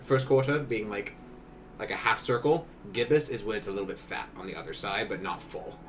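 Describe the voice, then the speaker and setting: A man's voice: on the low side, fairly quick, fairly bright tone, a little hiss or hum. A man running a tabletop game as game master, narrating scenes in a laid-back, jokey way.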